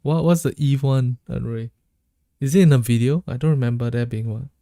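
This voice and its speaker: A man's voice: mid-range voice, brisk, mellow, no room sound, studio quality. A man streaming a game, chatting casually with his chat and joking around. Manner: joking, laughs often, reads chat aloud.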